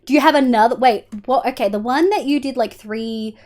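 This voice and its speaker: A young Australian woman with a fairly high voice talks through a game stream in a loose, candid way. She thinks aloud about what to build, swears without a second thought, and breaks off to fondly tell off her cat. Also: fairly quick, darkish tone. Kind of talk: casual live-stream chat while gaming.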